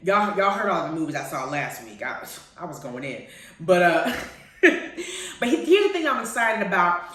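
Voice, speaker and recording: A woman hosting a radio show, chatting casually about TV shows in a playful, animated way and laughing often. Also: lowish voice, normal speed. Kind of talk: casual chat reviewing TV shows. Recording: very echoey, far from the mic.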